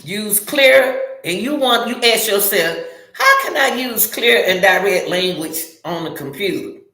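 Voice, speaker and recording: Middle-aged woman host, outspoken and straight-talking, bright voice, roomy echo. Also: medium pitch, a little slow. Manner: blunt, animated, outspoken with dialect slang. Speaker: channel host. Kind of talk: casual advice talk. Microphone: phone or camera, livestream.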